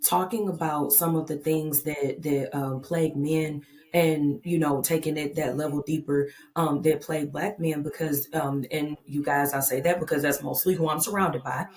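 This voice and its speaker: Podcast host: woman with a very low voice, hesitant and casual, lots of fillers. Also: steady tone, moderate pace, hardly any pauses, a little mellow. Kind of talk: casual interview chat.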